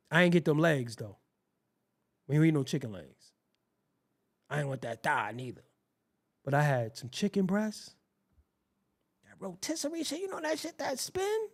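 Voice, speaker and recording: A man with a gravelly, rough-edged voice spins a casual, profane story. His pitch swings up and down as he rambles. He sounds like a show host talking straight to his viewers. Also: very animated, moderate pace, long pauses.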